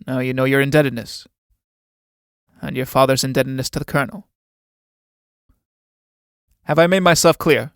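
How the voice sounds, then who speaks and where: A man's voice: medium pitch, steady tone, normal speed, pauses often, fairly bright tone, smooth, dry recording, clean studio sound, lightly acted. A man playing a domineering middle-aged army captain with a patronizing, overbearing manner.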